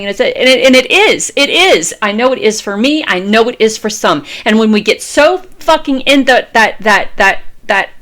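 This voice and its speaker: A tarot reader in her fifties delivers an impassioned, preachy motivational monologue in a slightly high, expressive, somewhat bright voice. She keeps a moderate pace with hardly any pauses, repeating phrases and swearing freely as she urges viewers on.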